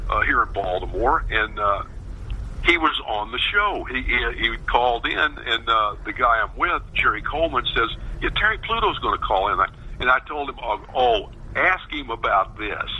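Brief: man in his 50s, bright forceful tone, lively pitch, rambling baseball yarn, faint noise behind. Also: lo-fi sound. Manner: rambling anecdotes with many fillers. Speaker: former baseball player, radio pregame host. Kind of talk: casual storytelling interview.

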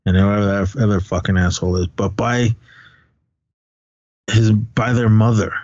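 A middle-aged man from California, chatting on a podcast, telling stories in a profane, animated rant. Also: lowish voice, normal speed, no room sound. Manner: profane, ranting, animated storytelling. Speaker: podcast co-host. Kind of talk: casual podcast chat. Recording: dull, dry podcast recording.

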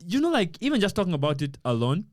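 A man's voice: high voice, quick pace, dry recording, studio quality. A young man co-hosting a podcast, telling stories in casual slang and acting out what he said. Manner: animated storyteller, slangy, acts out quotes. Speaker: podcast co-host.

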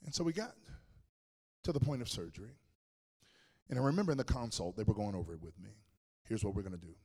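A man's voice: medium pitch, sing-song, fast, warm tone, breathy edge. A man preaching a sermon as pastor, telling a personal story with humor and speaking directly to the congregation. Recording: long reverb of a large hall.

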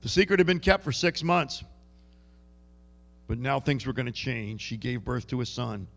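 A male preacher delivers a sermon in a loose, conversational way, stumbling and repeating words as he goes. His voice is gravelly, with plenty of vocal fry. It carries the long reverb of a large church hall. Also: mid-range voice, moderate pace, fairly bright tone, soft background music.

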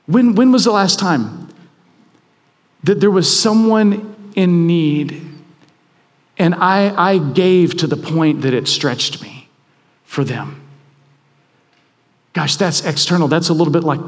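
A man with a high voice preaches a sermon, talking in a conversational, self-deprecating and emphatic way. His voice rings out with a long reverb, as if he is in a large church hall. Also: animated, unhurried, long pauses.

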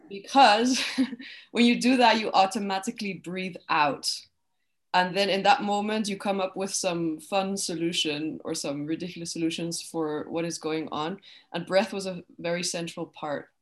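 A woman sharing in a group session, explaining with lively energy. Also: fairly low pitch, moderate pace. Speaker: workshop participant.

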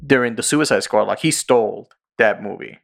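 A man's voice: fairly low pitch, normal speed, vocal fry. A man hosting a casual podcast chat, rambling through retold stories with frequent laughs. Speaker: podcast host.

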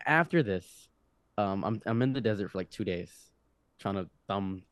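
Animated young man telling a wild story. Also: lowish voice, moderate pace, clean tone, no echo. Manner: animated, rambling, frequent restarts. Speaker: podcast guest. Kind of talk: casual storytelling.

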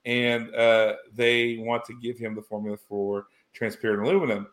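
A man chatting loosely about a film, wandering through the plot with plenty of ums and false starts. His voice sits at an everyday middle pitch. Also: steady tone, normal speed, a bit bright. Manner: rambling, many fillers and restarts. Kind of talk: casual chat recapping a film.

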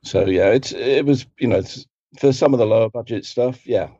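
A man's voice: medium pitch, moderate pace, dark tone, husky, no room sound, lo-fi sound. A middle-aged man from England with a London accent, a guest telling rambling film-set stories and correcting himself as he goes. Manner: rambling, self-correcting, acts out quotes in other voices. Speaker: guest, film assistant director. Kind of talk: casual anecdotal storytelling.

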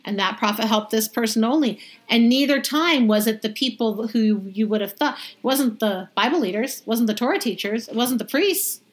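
A woman reading scripture aloud and then explaining it in a lively, conversational way, as a Bible study teacher. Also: a little high, normal speed, few pauses. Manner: lively, conversational, acts out the crowd's reactions.

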